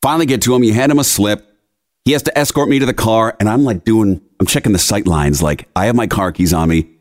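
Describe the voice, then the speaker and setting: A man's voice: fairly low pitch, fast talker. A young man hosting a podcast, telling an exasperated, ranting story in casual chat. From Philadelphia area. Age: young adult. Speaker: podcast host.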